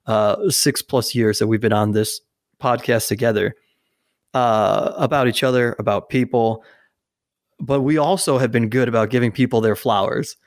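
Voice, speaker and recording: A man's voice: medium pitch, moderate pace, dry recording, clean studio sound. A man co-hosting a podcast who talks straight to the listeners in an emphatic, casual way. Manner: emphatic, addressing listeners directly. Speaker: podcast co-host.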